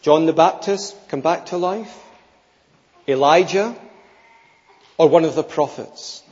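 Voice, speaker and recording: A man's voice: on the high side, slow pace, a little mellow. A man preaching a sermon, emphatic and rhetorical, repeating key phrases for weight. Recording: long reverb, slightly dull sound.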